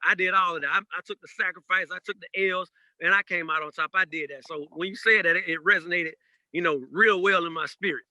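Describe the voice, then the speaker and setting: A man in casual podcast conversation, spinning personal anecdotes with animated energy. His voice is fairly high and sharply bright. The sound is close and dry, with no room around it. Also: a little fast, no echo, low-quality recording. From Georgia, USA. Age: adult parent. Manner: animated storyteller, laughs through anecdotes. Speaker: guest DJ.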